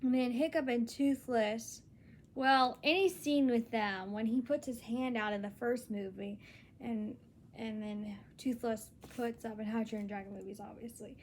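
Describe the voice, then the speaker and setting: A woman's voice: on the high side, steady tone, moderate pace, darkish tone, a little hiss or hum. A young woman talking in a casual solo vlog, earnest and rambling, with many restarts. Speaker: vlogger.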